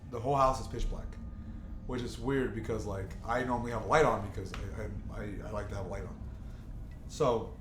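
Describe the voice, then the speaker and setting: Chatting with friends, a young male podcast host rambles through an extended profane story, repeatedly interrupting and restarting himself. His voice is on the low side with fairly even intonation and a brisk pace; the echoey room has faint ambience and background noise.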